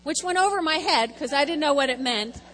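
A woman with a high, bright-pitched voice rambles through an informal church testimony, chatty and self-deprecating. Her words ring out with a long reverb in a large hall, with faint music behind her. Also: animated, fairly quick. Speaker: lay speaker at church.

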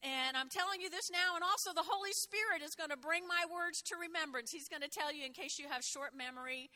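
A woman pastor preaching a lively sermon, calling out to the congregation and prompting them to repeat after her. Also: extremely high pitch, a little fast. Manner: lively, call-and-response with congregation, exclaims.

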